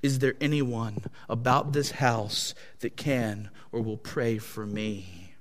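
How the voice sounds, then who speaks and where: A man's voice: mid-range voice, slow, voice pushed down, close to an everyday voice. A man voicing a cruel slave master who rages, then begs in terror, heard in a hall with a long echo. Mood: desperate. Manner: shouting threats, later groaning pleas.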